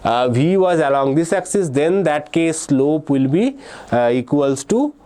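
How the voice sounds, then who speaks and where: A man's voice: a little high, very animated, a little slow, dark tone. A man teaching physics for an entrance exam. He works through problems step by step and keeps checking in with "okay" and "right?". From India. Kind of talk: exam-prep lecture.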